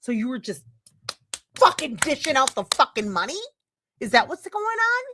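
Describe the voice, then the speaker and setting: A woman's voice: high voice, very animated, moderate pace, noisy background. A middle-aged woman streaming commentary, reading a text aloud and breaking into heated, profane, sarcastic rants. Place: home streaming setup.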